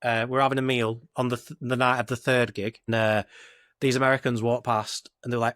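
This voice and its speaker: A man's voice: medium pitch, little pitch movement, fairly quick, fairly bright tone, dry recording, clean studio sound. Lancashire man telling a rambling story. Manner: rambling anecdotal, northern dialect "I were", "it were". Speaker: podcast co-host. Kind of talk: casual storytelling chat.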